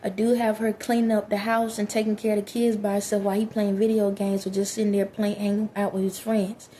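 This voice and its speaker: A woman's voice: mid-range voice, little pitch movement, fairly quick, mellow, slight background noise. A woman, giving blunt, preachy relationship advice straight to her listeners in a casual monologue.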